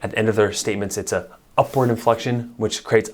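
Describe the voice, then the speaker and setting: A man's voice: fairly low pitch, steady tone, quick pace. A man, a marriage therapist, giving blunt, emphatic advice straight to camera with casual swearing. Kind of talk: direct-to-camera advice talk.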